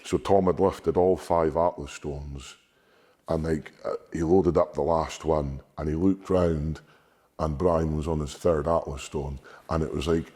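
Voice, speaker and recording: Strongman guy, super low rough voice, sweary and animated, keeps repeating himself. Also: unhurried. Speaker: strongman guest. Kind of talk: candid interview storytelling.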